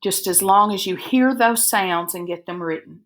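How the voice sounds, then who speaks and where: A woman teacher, dictating spelling words and breaking them into syllables slowly and carefully for a recorded lesson. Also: mid-range voice, a bit bright. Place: recorded for an online video lesson.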